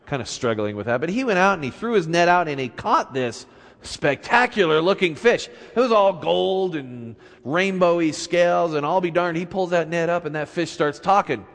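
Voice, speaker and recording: Man, pastor, sermon, animated storyteller, fairly high voice, long church-hall reverb. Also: normal speed.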